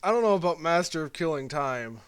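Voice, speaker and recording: A man's voice: fairly high pitch, expressive, brisk, a bit bright, clean tone. A man co-hosting a casual podcast chat, giving blunt opinions with many restarts and fillers. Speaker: podcast co-host.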